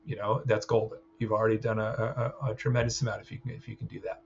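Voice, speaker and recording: A man's voice: lowish voice, little pitch movement, quick pace, gravelly, slight background noise. Man giving a chatty clinical training lecture. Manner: conversational, frequent "right?" check-ins. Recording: slightly dull sound with faint ambience.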